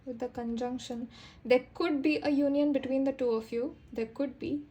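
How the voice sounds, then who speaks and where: A woman's voice: sits high, steady tone, dark tone. Rambling young woman tarot reader. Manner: rambling, halting with many restarts. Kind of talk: casual tarot reading.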